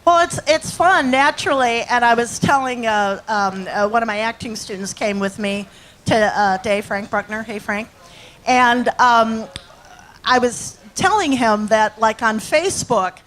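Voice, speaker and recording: A woman's voice: fairly high pitch, measured pace, fairly bright tone, slight background noise, rough recording. A woman in her sixties, an actress and acting teacher, telling rambling anecdotes to an audience. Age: 60s. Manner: chatty, rambling storyteller with fillers.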